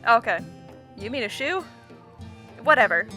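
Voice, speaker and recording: Brief: woman let's-play host, reads game text aloud casually, slightly high, bright voice. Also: fast, soft background music. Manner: casual, chatty, stumbles and laughs at the script. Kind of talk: reading a visual novel aloud with commentary.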